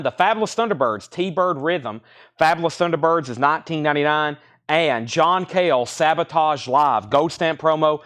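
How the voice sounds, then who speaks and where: A man hosting a live record sale, rattling off titles and prices in brisk auctioneer patter, a bit out of breath. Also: fairly high pitch, fairly bright tone.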